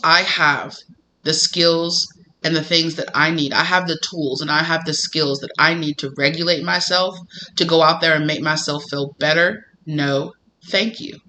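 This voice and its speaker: A man giving a casual tarot reading to camera, animated and emphatic, often breaking into laughter. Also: on the high side, normal speed, slight background noise. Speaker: tarot reader.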